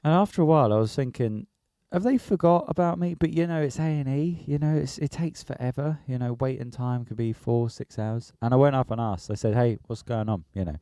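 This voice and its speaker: A man co-hosting a podcast, telling an animated, sweary story in casual chat. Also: medium pitch, a little fast, hardly any pauses, clear, resonant tone, no echo, studio quality. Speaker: podcast co-host.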